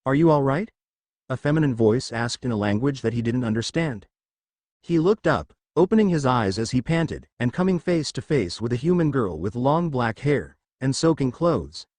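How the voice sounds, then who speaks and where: A man reading fan fiction aloud in a lively, expressive storytelling voice. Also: medium pitch, moderate pace, dry recording. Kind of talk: storytelling narration with character voices.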